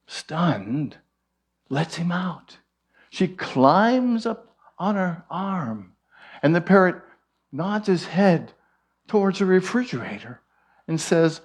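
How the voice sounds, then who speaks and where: A man, a minister, giving a sermon and telling a joke in an unhurried storytelling way. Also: high-pitched, big pitch swings, breathy edge.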